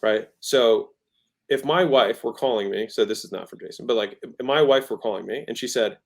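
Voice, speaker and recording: A man in his thirties, appearing as a podcast guest, talks casually about sales in a creaky, medium-pitched voice at a moderate pace. It's conversational teaching, and he's emphatic, often shifting his tone to drive a point home.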